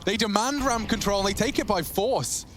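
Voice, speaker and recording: A man casting a competitive shooter match live, with quick play-by-play that rises sharply on big moments. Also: background noise. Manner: excitable, rising in pitch on big plays. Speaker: esports caster. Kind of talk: play-by-play commentary.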